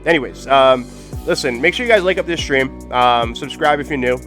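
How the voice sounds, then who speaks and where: A man's voice: medium pitch, fairly quick, fairly bright tone, faint music behind. A man hosting a livestream, talking in a blunt, heated and profane casual way. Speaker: livestream host.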